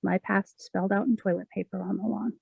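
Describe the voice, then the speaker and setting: Woman poet, measured expressive reading, creaky tone, close dry mic. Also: medium pitch, no room sound, phone-quality sound. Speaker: poet reading her own work. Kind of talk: poetry reading.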